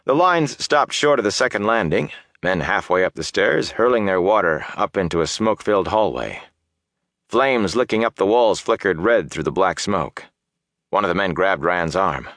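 A man narrating a fantasy audiobook in a steady, measured storytelling voice. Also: sits low, no room sound, clean studio sound.

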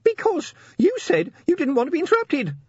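A man voicing a tiny nervous male imp, squeaky and quavering, meek and defensive. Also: huge pitch swings, brisk, dry recording, muffled recording, exaggerated voice.

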